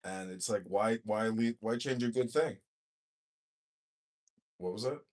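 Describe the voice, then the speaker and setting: A man with a fairly low voice holds forth in a casual online chat, blunt and crude. He swears freely and rants at length. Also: unhurried, darkish tone. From Chicago area, US. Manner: blunt, profane, ranting. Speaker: podcast host and mayoral candidate. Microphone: online voice chat room.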